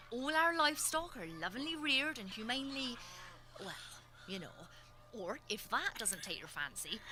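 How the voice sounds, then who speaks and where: A woman's voice: a little high, rough recording. A woman's synthetic voice playing a motherly, homely female innkeeper who dotes on her guests in a cosy, chatty way. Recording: clear background noise.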